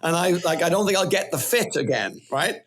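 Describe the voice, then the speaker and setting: A middle-aged Welsh man telling stories as a podcast guest, animated and rambling in casual chat. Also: on the high side, fairly quick. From Wales.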